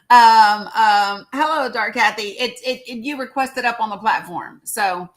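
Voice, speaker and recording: A woman with a somewhat high voice speaks slowly while hosting a live social audio stream. She chats casually with her listeners, greets them by name, and uses lots of filler words.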